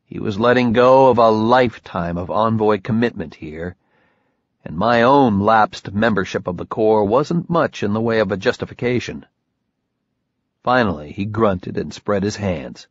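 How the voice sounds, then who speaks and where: A man's voice: lowish voice, animated, a little slow, no room sound, muffled recording. A man narrating a novel in the first person, dry and matter-of-fact. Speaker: audiobook narrator.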